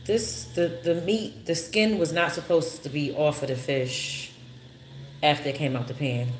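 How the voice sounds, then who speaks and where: Low-voiced woman vlogging from an echoey kitchen. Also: steady tone, a little slow, noisy background. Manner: chatty, talks to viewers as y'all, grows frustrated. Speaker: cooking vlogger. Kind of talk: casual cooking vlog. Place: home kitchen. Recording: echoey kitchen with loud frying. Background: sizzling pan.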